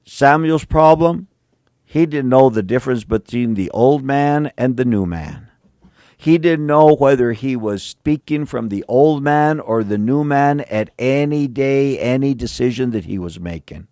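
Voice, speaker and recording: A male pastor preaches in a casual, slang-sprinkled way, moving between emphatic lines and hushed ones. His voice carries a gravelly, fried edge. The sound is close and dry. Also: mid-range voice, lively intonation, a little slow, no room sound. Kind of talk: sermon.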